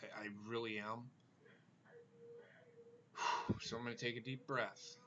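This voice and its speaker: A man's voice: mid-range voice, little pitch movement, slow, noisy background. Man, stream host, angry swearing rant, muffled lo-fi sound. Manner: swearing often, trying not to yell. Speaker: wrestling show host.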